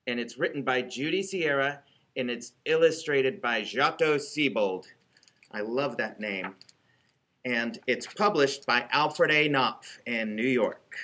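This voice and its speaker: A middle-aged man, a library director, reading a children's book aloud in an animated, expressive way. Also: medium pitch, measured pace.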